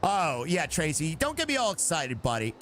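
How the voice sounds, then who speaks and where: A man doing live gameplay commentary, excitable and chatty, reacting out loud and talking to his chat as he plays. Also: fairly high pitch, normal speed, slight background noise. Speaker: live streamer.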